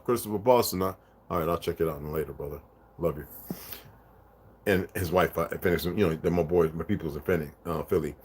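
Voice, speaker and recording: Husky low-voiced man reading with asides. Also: a little fast, a little mellow. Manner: rambling asides between read passages. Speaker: channel host reading aloud. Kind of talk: casual reading and commentary.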